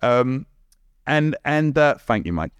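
A young man with a London accent, a podcast guest telling a story in a lively, cheeky way, acting out what people said and laughing often. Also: mid-range voice, slow pace, clear, resonant tone, no echo, clean studio sound. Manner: blunt and cheeky, swears casually. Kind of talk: casual storytelling.

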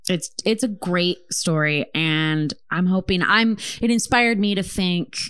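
A woman's voice: fairly low pitch, measured pace, fairly bright tone, smooth, no room sound, clean studio sound. A woman co-hosting a casual chat podcast, talking in an impassioned, profane, storytelling way. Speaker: podcast co-host.

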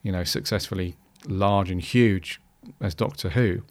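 A podcast host with a fairly low voice, talking loosely and circling back on himself. He fills his sentences with ums and restarts as he thinks aloud. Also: a little slow. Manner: rambling, many restarts and fillers. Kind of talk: casual podcast monologue.

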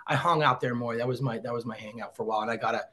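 A former celebrity cameraman in his thirties, guesting in a casual interview, tells stories in a rapid-fire, mid-range voice. He's animated and acts out what people said in different voices.

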